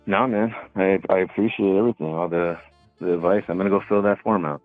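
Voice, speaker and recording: A very low-voiced man calling in over a thin, tinny phone line. He tells his stories in a laid-back, rambling way, full of "like" and "you know." The line sounds dry and close. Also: steady tone, fast, no echo, soft background music. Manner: laid-back storytelling with fillers. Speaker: caller. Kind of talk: casual phone call.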